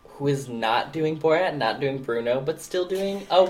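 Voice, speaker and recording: A man co-hosting a podcast, chatting casually with deadpan sarcastic jokes. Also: on the high side, normal speed. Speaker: podcast co-host. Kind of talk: casual chat.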